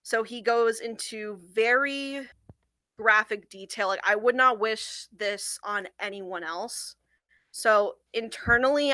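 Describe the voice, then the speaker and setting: A young woman who works on a hotline, earnestly recounting a difficult call in an interview, often pausing on "like.". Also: mid-range voice, pushed and bright, no echo, poor audio. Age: young adult. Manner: earnest, halting, with frequent "like" fillers. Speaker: domestic violence hotline worker. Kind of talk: recounting a personal experience in an interview.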